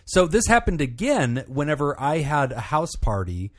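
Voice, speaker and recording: A man's voice: on the high side, very animated, moderate pace, no room sound, clean studio sound. A man hosting a podcast, telling a long rambling story in casual chat with many fillers. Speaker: podcast host and therapist.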